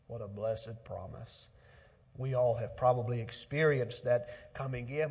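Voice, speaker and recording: A male pastor preaching a sermon, swinging from loud urgent emphasis to quiet, hushed lines, with repeated words and restarts. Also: medium pitch, fairly even intonation, a little slow, husky, lo-fi sound. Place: church sanctuary.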